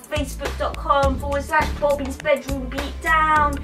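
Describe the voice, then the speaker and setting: A woman's voice: sits high, level tone, a little slow, few pauses, poor audio. A woman hosting a comic show, bantering jokily and tacking "mate" onto her lines. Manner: jokey, tacks 'mate' onto lines. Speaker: show host. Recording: off-mic with loud music behind.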